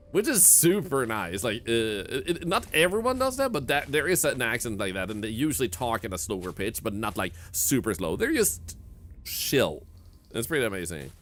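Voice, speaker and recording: Swedish guy streaming a game, chats w/ viewers, laughs a lot, bright sparky voice. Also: mid-range voice, sing-song, normal speed, slight background noise. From northern Sweden. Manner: chatty, answers chat, laughs often. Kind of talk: casual live-stream commentary.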